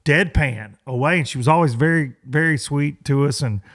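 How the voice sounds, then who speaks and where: A man's voice: on the high side, moderate pace, fairly bright tone. A man in his forties hosting a podcast, telling a story in a loose, rambling way with many fillers and restarts. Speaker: podcast host. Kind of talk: casual storytelling monologue.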